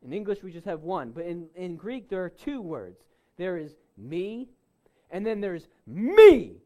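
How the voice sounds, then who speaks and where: A man preaching a sermon, driving points home with loud, stressed words and dropping to soft, low asides. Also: very animated, normal speed. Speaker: pastor.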